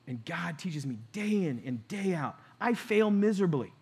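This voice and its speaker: A middle-aged pastor with a high, light voice delivers a sermon. He tells a personal story in an earnest way and plays out both sides of his talks with God. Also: animated, moderate pace, darkish tone, husky.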